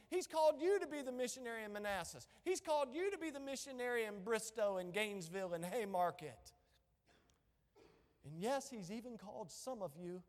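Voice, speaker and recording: A middle-aged man preaching an impassioned sermon as pastor, rising to shouts. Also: high voice. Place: church sanctuary. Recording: echoey church hall.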